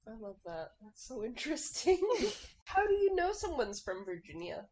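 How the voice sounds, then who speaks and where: Eager woman interviewer with a lively voice. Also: fairly high pitch. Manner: enthusiastic, quick to react with interest. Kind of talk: casual chat.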